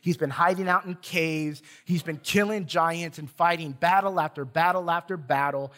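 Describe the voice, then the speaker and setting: A man's voice: fairly high pitch, fairly even intonation, moderate pace, bright, forceful tone. A man preaching a sermon in a church, conversational and joking, often restarting his phrases. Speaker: pastor.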